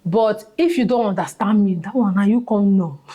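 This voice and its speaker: A woman's voice: medium pitch, normal speed, dark tone, slightly rough. A woman with a Nigerian accent giving advice in a casual vlog, emphatic and repeating key phrases for stress. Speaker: vlogger.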